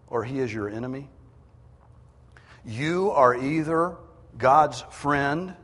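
A man preaching a sermon, emphatic, rising in pitch and force to drive his points home. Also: long reverb tail.

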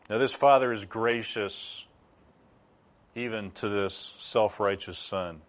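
A man's voice: lowish voice, slow pace. A middle-aged man preaching a sermon as pastor, teaching through rhetorical questions.

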